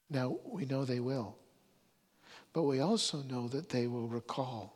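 A man's voice: mid-range voice, expressive, unhurried, a little mellow, in a large hall. A man preaching a sermon, telling the story earnestly and stumbling over restarts and repeated words.

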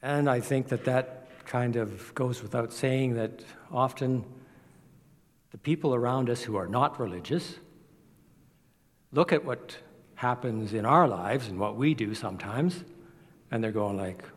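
A man's voice: mid-range voice, unhurried, long pauses. A man preaching a sermon, telling a personal story in an earnest way and acting out quotes as he goes. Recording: long hall reverb.

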